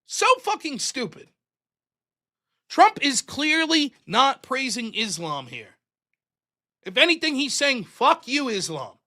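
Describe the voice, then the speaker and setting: A man hosts his own live-streamed commentary show, berating and mocking with heavy profanity. His voice sits high and bright, and it leaps around animatedly between near-shouts and low mutters. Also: big pitch swings, slow pace, long pauses. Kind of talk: ranting political commentary.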